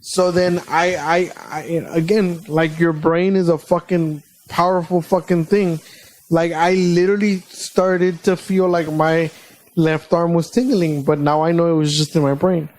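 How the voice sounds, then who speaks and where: A man co-hosting a podcast, telling a personal story in a casual, animated way with plenty of swearing. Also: on the high side, poor audio. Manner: animated, swearing, quick retelling. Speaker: podcast co-host.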